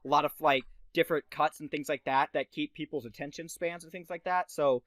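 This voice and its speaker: A man's voice: fairly high pitch, steady tone, brisk, fairly bright tone. A young man co-hosting a casual podcast, giving emphatic advice with lots of fillers and restarts. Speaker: podcast co-host.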